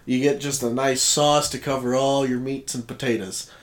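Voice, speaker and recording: A man's voice: medium pitch, fairly even intonation, normal speed. Laid-back, joking man, podcast co-host. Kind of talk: casual chat.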